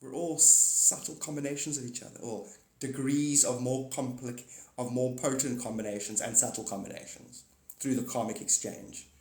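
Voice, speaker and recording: A man's voice: mid-range voice, fairly even intonation, moderate pace, a little mellow, reverberant, low-quality recording. A man streaming live, chatting in a rambling, joking and cynical way, sometimes acting out little voices.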